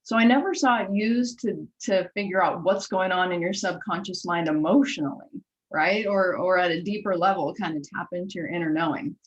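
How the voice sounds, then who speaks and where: Woman host, lively storyteller who acts out conversations, slightly muffled recording. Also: lowish voice, a little fast. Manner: enthusiastic storyteller, acts out dialogue. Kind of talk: conversational interview.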